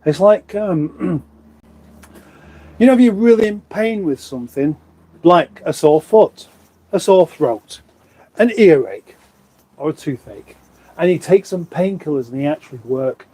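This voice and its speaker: Speaking slowly and expressively with long pauses, this man has a slightly high, dark, husky voice. He's an English livestream host, born in Surrey, chatting casually from his home kitchen into a phone on a stand. He wanders off on tangents and mocks himself as he reads what viewers have written.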